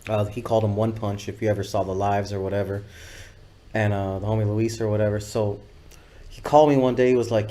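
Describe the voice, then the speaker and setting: A man telling stories as a podcast guest, laid-back and rambling, swearing freely and filling pauses with "uh" and "you know what I'm saying". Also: on the low side, fairly even intonation, dark tone. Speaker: music video director, podcast guest. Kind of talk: casual storytelling interview.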